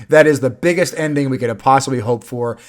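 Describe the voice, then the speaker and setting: A man's voice: mid-range voice, brisk. A man hosting a casual movie review chat, recapping the plot with swearing and laughter. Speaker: movie review podcast host.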